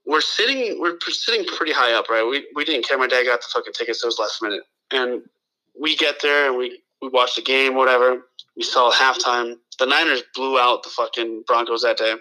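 A man's voice: mid-range voice, brisk, bright, forceful tone, rough recording. A man from the Los Angeles area telling a long story in casual chat, profane and full of restarts and quoted dialogue.

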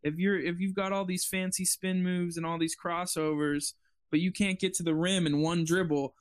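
An easygoing man co-hosts a podcast with a slightly raised pitch. He chats in a relaxed, casual way. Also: normal speed, smooth. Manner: easygoing, laughs along. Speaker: podcast co-host.

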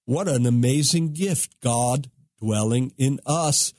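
A man's voice: mid-range voice, takes it slowly, a little mellow, no echo. A middle-aged man, a rabbi, teaching from scripture in a podcast, reading verses with emphasis and explaining them.

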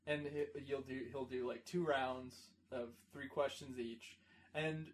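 A young man in casual chat, halting with fillers and restarts as he tells stories. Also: mid-range voice, fairly even intonation, a little hiss or hum.

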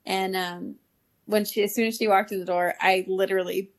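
A woman's voice: mid-range voice, steady tone, brisk. A woman in her thirties, a podcast guest telling a story in casual chat, laughing often and using many fillers.

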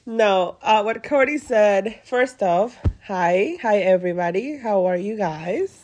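A woman's voice: mid-range voice, animated, takes it slowly, darkish tone. Giggly chatty woman podcast host. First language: Spanish. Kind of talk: casual podcast chat.

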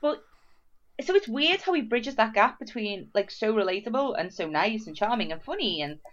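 Woman, podcast co-host, higher voice, very animated pitch, swears, acts out quotes. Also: moderate pace, highs cut off. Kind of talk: casual podcast chat.

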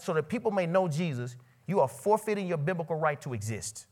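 A man preaches a sermon at a college ministry meeting. He questions the audience directly and swings from loud, soaring lines to quiet, low ones. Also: lively intonation, brisk. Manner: preaching with sudden loud rises and quiet drops. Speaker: pastor.

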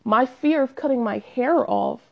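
A woman talking casually to camera in a chatty, self-deprecating, animated way. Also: high-pitched, a little slow, gravelly, muffled recording. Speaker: vlogger. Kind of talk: confessional casual monologue.

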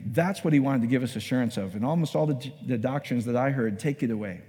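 Animated preacher in an echoey hall. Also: male voice, mid-range voice, fast talker, few pauses. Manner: conversational, animated storytelling with acted-out asides. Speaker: pastor. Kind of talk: sermon.

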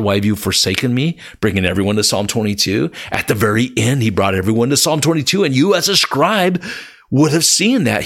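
Earnest man teaching scripture with excited swells. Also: on the low side. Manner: earnest, swells to excited exclamations, addresses listener as my friend. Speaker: Bible teacher. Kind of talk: devotional Bible teaching.

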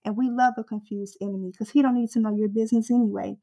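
A woman preacher with a fairly high, mellow voice delivers a fervent sermon, talking fast but keeping a steady tone. She hammers her point home with rhythmic, repeated refrains, her intensity building as she exhorts the listener.

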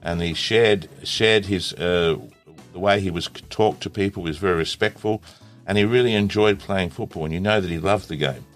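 A man's voice: low voice, moderate pace, soft background music. A man hosting a casual interview, jovial and laughing often as he leads laughing exercises. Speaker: host.

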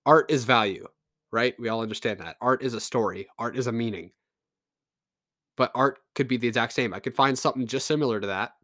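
A man's voice: medium pitch, brisk, a bit bright, no echo, clean studio sound. A man from Canada delivering a casual, profane, sarcastic rant to his audience. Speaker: vlogger.

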